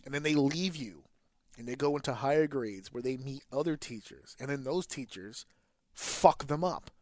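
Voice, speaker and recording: A man who is a teacher and a podcast co-host, talking in a blunt, profane, animated way. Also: mid-range voice, moderate pace, no echo. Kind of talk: casual profane podcast chat.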